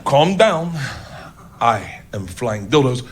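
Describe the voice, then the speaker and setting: A man voicing a tall, commanding German dominatrix who gives slow, clipped commands, in a noisy live stand-up recording. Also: medium pitch, big pitch swings, pitched below the performer's own voice.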